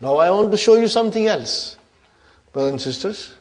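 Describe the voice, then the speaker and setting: A man's voice: sits high, animated, normal speed. A man whose first language is Urdu teaches an Arabic grammar lesson, questioning the class and checking in often. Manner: keeps checking in with "huh?" and asks the class questions.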